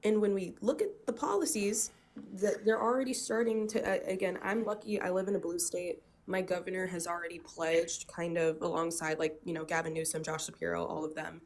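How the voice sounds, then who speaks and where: A woman in her twenties calling in to a live stream, talking fast and fervently and often breaking off mid-thought. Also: lowish voice, fairly even intonation. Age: 20s. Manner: fervent, rapid, self-interrupting. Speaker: caller. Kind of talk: casual political discussion.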